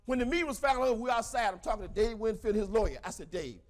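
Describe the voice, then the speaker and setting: Fast, high-voiced Southern man preaching success. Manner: emphatic, repetitive, bursts into shouting. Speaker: seminar speaker. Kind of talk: motivational seminar talk.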